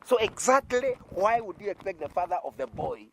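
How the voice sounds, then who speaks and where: A Kenyan-accented man teaching a sermon in a fairly high voice. His pitch swings widely as he talks. He keeps throwing rhetorical questions at the congregation and chuckling between points. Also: expressive, fairly quick, creaky, a little hiss or hum. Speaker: preacher.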